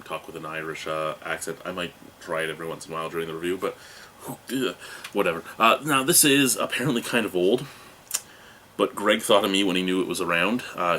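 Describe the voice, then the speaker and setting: A man's voice: deep voice, bright, forceful tone, slight background noise. A man in his thirties hosting a beer review from a home room, rambling in a jokey, self-mocking way. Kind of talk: casual video review. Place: home room with cartoon toys behind him.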